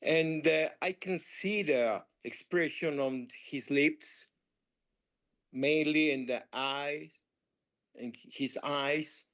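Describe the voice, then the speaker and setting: A man in a workshop answering hesitantly, searching for words and clearing his throat. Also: a little high, slow pace, a bit bright. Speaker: workshop participant. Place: workshop room.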